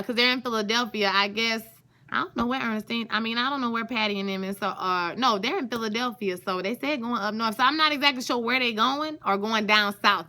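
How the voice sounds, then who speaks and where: A woman talks through a TV episode in a loose, chatty vlog. Her voice sits a little high and rings bright and forceful. She gushes freely and keeps turning to her viewers. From Louisiana. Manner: chatty and gushing, often calls out to viewers. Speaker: TV show reviewer. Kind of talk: casual recap vlog.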